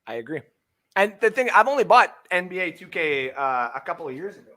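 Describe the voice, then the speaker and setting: A Canadian man in his thirties co-hosting a sports podcast, ranting with heavy swearing, swinging from shouting to muttering. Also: sits high, very animated, brisk. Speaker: fantasy sports podcast co-host.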